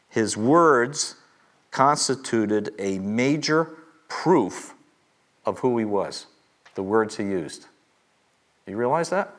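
Casting: middle-aged male Bible teacher, emphatic, repeats key lines slowly. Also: medium pitch.

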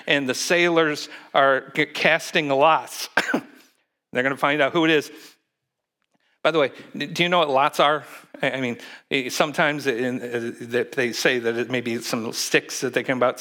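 A man's voice: on the high side, bright, forceful tone. A man preaching a sermon in a conversational way, asking the congregation questions and acting out quotes, with frequent restarts. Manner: halting, with restarts and fillers. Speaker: pastor.

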